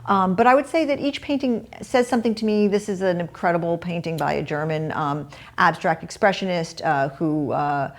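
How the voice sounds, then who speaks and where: An older woman giving a house tour, telling a story in a chatty, animated way with many ums and restarts. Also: fairly low pitch, normal speed, hardly any pauses. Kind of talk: casual storytelling.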